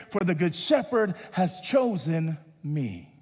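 High husky-voiced pastor man preaching, half singing bits, big echoey church. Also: expressive. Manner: preaching with drawn-out sung refrains. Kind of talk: sermon.

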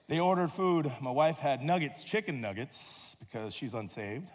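A man's voice: on the high side, brisk, few pauses, long reverb tail. A man pastor giving a sermon, telling stories with playful humor and acting out quotes. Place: church sanctuary.

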